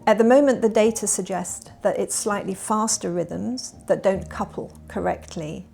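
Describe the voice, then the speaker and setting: A woman professor speaks in a measured, explanatory way, her voice carrying a gravelly, creaky edge. She is at a middle pitch. Soft music plays faintly underneath. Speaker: professor of education research. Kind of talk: documentary interview.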